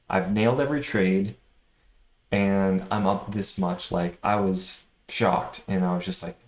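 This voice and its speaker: A man recapping his day of stock trading in a casual, animated way, swinging between excitement and frustration. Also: sits low, unhurried, reverberant. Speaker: day trader vlogger.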